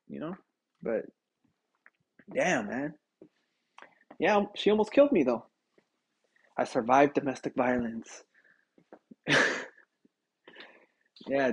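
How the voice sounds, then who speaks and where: A man's voice: fairly high pitch, slightly rough. A young man hosting a casual podcast, telling stories and ranting with lots of swearing, laughter and calling the listener dude. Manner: animated, swearing, laughing often, says dude a lot. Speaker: podcast host. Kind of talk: casual solo podcast rant.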